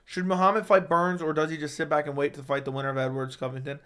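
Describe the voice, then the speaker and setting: A man hosting a casual livestream, reading viewer questions out loud and answering them in a chatty, joking way. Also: on the high side, flat delivery, fast talker, clean tone. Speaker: livestream host.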